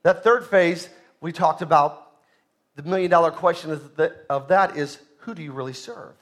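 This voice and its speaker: A man preaching a sermon as pastor, emphatic, swinging between loud bursts and soft asides, asking the congregation questions. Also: a little high, normal speed.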